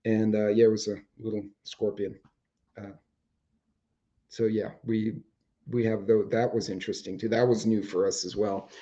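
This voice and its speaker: Man, casual rambling chat, swears a lot, slightly worn voice, mellow tone, muffled recording. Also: lowish voice, little pitch movement, moderate pace, long pauses. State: voice starting to go. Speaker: host. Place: home, indoors with dogs.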